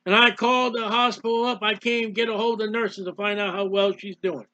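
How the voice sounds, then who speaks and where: Male preacher, emotional and repetitive, voicing the psalmist's plea; high, bright voice on a lo-fi recording. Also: steady tone, brisk. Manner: emotional, repetitive, speaks as the psalmist in first person. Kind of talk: impassioned Bible sermon. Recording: dull lo-fi recording.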